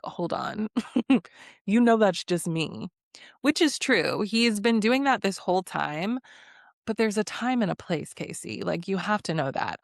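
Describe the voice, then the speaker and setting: A young woman giving a casual, opinionated recap, sassy and quick to laugh between remarks. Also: on the low side, dry recording, clean studio sound. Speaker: recap vlogger. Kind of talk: casual reality-show recap.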